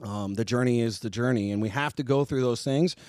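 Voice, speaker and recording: A man's voice: medium pitch, a little fast, darkish tone, no room sound. A man co-hosting a podcast, earnest and affirming, often repeating words as he starts a thought. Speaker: podcast co-host. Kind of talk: supportive conversational interview.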